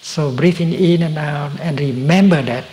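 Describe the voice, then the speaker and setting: A man giving a slow, gentle dharma talk as a meditation teacher, halting often and dropping to a soft whisper at times. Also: fairly high pitch, low-quality recording.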